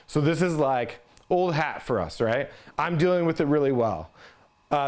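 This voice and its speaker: A man leads an instructional talk on handling stress, speaking in a slightly raised register. His delivery is casual and conversational, and he often checks in with a quick "right?" as he goes. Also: a little high, a little mellow, clear, resonant tone. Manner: conversational, ends points with "right?". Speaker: resiliency trainer.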